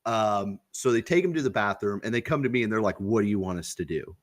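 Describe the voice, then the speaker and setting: A young man with a fairly low voice tells a story on a casual podcast. He talks loosely and swears freely. He acts out the other people's lines as he goes. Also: expressive, quick pace. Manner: loose and profane, acts out quoted dialogue. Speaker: podcast co-host.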